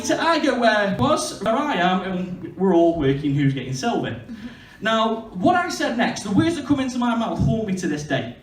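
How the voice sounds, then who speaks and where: A man, doing a crude, self-mocking stand-up comedy set on stage. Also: high voice. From Stoke-on-Trent, England. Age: 20s. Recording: echoey venue heard from far off.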